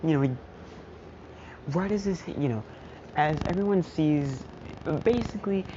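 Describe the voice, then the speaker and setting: A woman with a low voice, speaking unhurriedly, tells a fan story in a casual, slangy, self-deprecating way and often loses her train of thought. The recording comes through a muffled lo-fi mic with steady background noise.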